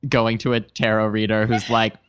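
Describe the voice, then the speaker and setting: A woman's voice: extremely low pitch, little pitch movement, normal speed, clear, resonant tone, dry recording, studio quality. A woman co-hosting a podcast, chatting about a TV show with giggly enthusiasm and lots of fillers. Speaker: podcast co-host. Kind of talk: casual chat about a TV show.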